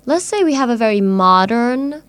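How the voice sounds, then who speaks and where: A woman's voice: a little high, animated, normal speed, clear, resonant tone, no room sound. A woman with a Swedish accent hosting a casual studio chat, talking in a chatty, giggly way with lots of "like". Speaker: podcast host.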